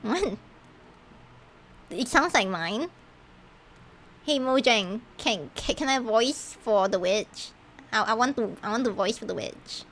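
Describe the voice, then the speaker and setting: A woman streamer chatting casually over her gameplay, giggly and animated, often tripping over her words and restarting. Her voice sits fairly high and swings widely in pitch. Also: slow pace, pauses often, slight background noise.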